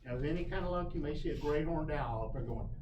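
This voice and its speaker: A man giving a casual class on backyard birds in a shop classroom, folksy and animated, putting on playful voices for the birds. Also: fairly high pitch, fast talker. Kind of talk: casual lecture. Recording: roomy, distant mic, noisy.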